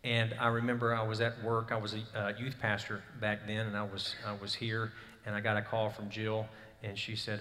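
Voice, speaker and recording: A man's voice: lowish voice, monotone, moderate pace, pushed and bright. A man in his thirties preaching a sermon, telling a personal story in an earnest way and rising to emphatic bursts. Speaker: pastor. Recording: hall reverb.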